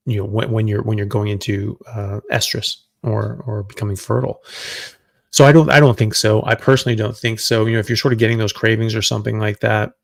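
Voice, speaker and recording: A middle-aged man with a low, gravelly voice, hosting a live question-and-answer stream as a doctor. He talks loosely and conversationally, thinking aloud as he goes. The sound is dry and close. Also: little pitch movement, brisk, dry recording.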